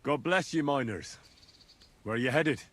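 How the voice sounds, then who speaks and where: Dude voicing a polite young game hero, even middle voice, calm and plain. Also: male voice, medium pitch, normal speed, lightly acted. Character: polite young male traveller, the player's hero.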